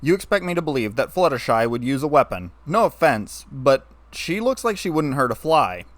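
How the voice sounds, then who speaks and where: Brief: young man, dry and sarcastic, flat tone, as the reader plays him, mid pitch, close dry sound. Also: moderate pace, no echo, close to an everyday voice. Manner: wry, flat, turning bitter.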